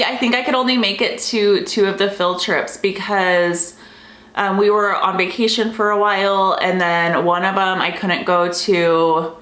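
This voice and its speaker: A woman's voice: medium pitch, fairly bright tone, echoey room. A young woman and homeschooling mom vlogging in a casual chat, gushing and emotional, saying "like" constantly. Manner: chatty, heavy use of "like", emotional and gushing.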